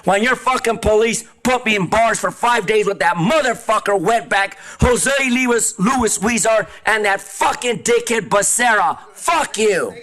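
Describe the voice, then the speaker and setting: A high-voiced man with a bright, sharp tone rants at a public meeting. His talk is profane, erratic and combative, fired at the room from a podium microphone. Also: unhurried, hardly any pauses. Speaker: public commenter. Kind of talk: angry public comment rant.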